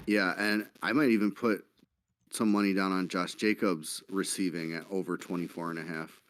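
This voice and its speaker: A man's voice: low-pitched, steady tone, normal speed, fairly bright tone, a little hiss or hum. A man on a panel giving betting picks in a casual chat, hesitant and full of fillers.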